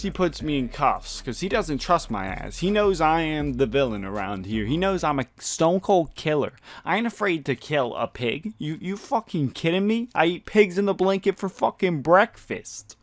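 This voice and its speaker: A young man telling a story on his vlog in a casual, slangy, profane way, often breaking into laughter. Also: on the high side. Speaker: vlogger.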